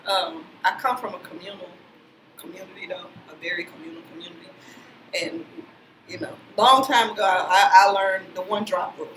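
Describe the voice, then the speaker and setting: A woman speaking on a panel in a measured, deliberate way. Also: lowish voice, fairly even intonation. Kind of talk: panel discussion. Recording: roomy sound, faint noise.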